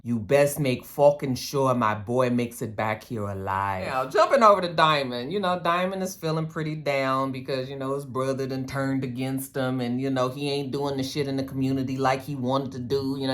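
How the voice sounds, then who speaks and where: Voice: medium pitch, bright, forceful tone. A chatty vlogger recapping a TV episode in loose, slangy talk. They curse freely and keep dropping in asides, with a mid-range voice. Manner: chatty, slangy, profane, quick side comments. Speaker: TV episode reviewer.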